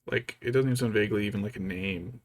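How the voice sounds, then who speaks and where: A man's voice: on the low side, quick pace. A man casually thinking aloud as he paints a miniature, rambling and musing to himself. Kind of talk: casual hobby vlog chat.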